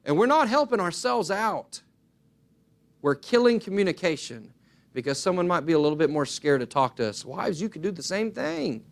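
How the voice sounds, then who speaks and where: A man preaching a sermon, earnest and emphatic, swinging his pitch widely and acting out little dialogues as he goes. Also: sing-song, moderate pace, gravelly.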